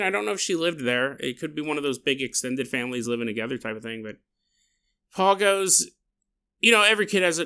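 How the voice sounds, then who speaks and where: A man's voice: high-pitched, gravelly, bright, forceful tone. A man hosting a podcast, casually telling a paranormal story in a chatty, digressive way and laughing at his own tale. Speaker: podcast host.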